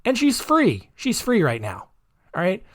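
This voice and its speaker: A man's voice: high-pitched, wildly swooping pitch, measured pace, no room sound, studio quality. Offhand, rambling male podcast host. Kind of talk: casual podcast monologue.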